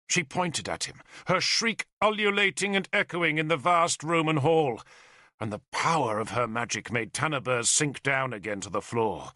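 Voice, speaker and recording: A man narrating an audiobook in a dramatic, measured storytelling way. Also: medium pitch, sharp tone, no room sound, clean studio sound.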